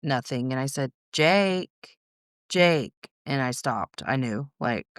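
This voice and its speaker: A woman guest on a podcast, telling a personal story in a candid, rambling way, swearing freely and adding quick asides. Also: extremely low pitch, fairly even intonation, dry recording, studio quality.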